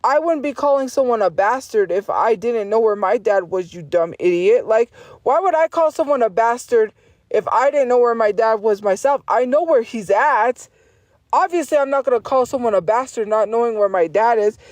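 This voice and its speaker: A woman's voice: a little high, lively intonation, moderate pace, darkish tone, dry recording. A woman livestreamer ranting at her chat in a profane, insistent and defiant way, repeating her points over and over.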